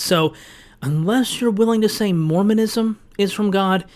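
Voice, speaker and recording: A man delivering a scripted rebuttal commentary, sarcastic and lecturing, with a pointed, explanatory manner. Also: a little high. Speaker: video essayist.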